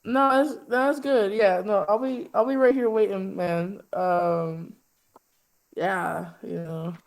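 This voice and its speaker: A woman's voice: medium pitch, steady tone, slow pace, pitched above the performer's own voice. A woman playing an awkward flirting minotaur guy. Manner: awkward bumbling pickup talk, filler-heavy. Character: flirty clumsy male minotaur bar patron.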